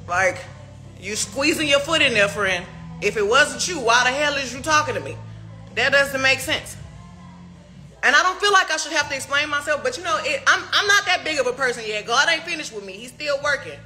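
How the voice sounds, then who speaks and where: A woman's voice: fairly high pitch, bright, forceful tone. A young woman in a heated, profane livestream rant, firing off rhetorical questions. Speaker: artist speaking to fans.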